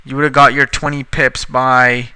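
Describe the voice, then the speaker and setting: A man teaching a trading strategy over a screen recording, casual and increasingly frustrated, swearing at his slow computer. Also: mid-range voice, little pitch movement, sharp tone, clean tone, dry recording. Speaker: trading instructor.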